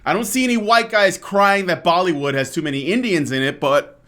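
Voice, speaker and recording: Male podcast host, higher-pitched voice, profane and exasperated, heated casual rant full of fillers and restarts. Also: a little fast, sharp tone.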